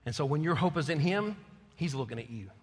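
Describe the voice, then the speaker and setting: Husky-voiced male preacher in a reverberant hall. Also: fairly high pitch, animated, fairly quick. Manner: swings from soft and intimate to loud and fervent. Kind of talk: sermon.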